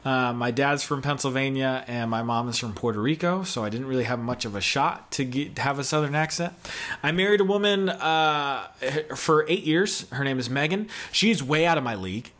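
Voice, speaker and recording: A man's voice: mid-range voice, normal speed, a bit bright. Chatty, joking man preaching. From American South. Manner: jokey, chatty, self-deprecating. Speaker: guest pastor. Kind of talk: casual video sermon.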